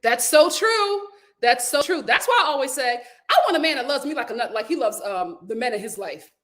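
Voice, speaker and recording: This young host's voice is high and a little fast. On her casual live stream she reads viewers' comments out loud and chats animatedly amid frequent laughter.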